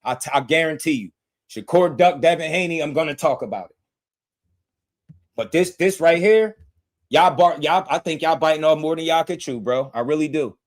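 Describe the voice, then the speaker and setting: Hosting a boxing livestream, this man speaks at a moderate pace with a fairly high-pitched voice. He's fired-up and blunt, packing his talk with slang and addressing his chat directly.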